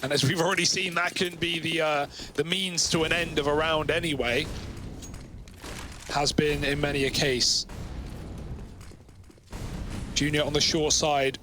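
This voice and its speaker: A man's voice: a little high, fairly even intonation, measured pace, long pauses, background noise. A man doing color commentary on a competitive shooter match, breaking down the plays and standings in a conversational way. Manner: analytical, conversational, talks through team standings. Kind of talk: analytical commentary.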